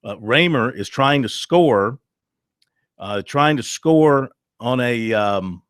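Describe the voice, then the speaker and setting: A male sports radio host talking in a conversational way, recapping plays and filling gaps with little pauses. His voice sits in a middle register and sounds close and dry, with no room around it. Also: mid-range voice, lively intonation, fairly bright tone, smooth, dry recording.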